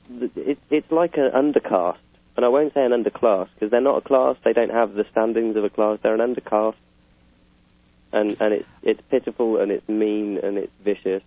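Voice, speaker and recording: A man's voice: lowish voice, no echo. A British man in casual political chat, rambling with fillers and chuckling. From Britain. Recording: tinny phone-like line.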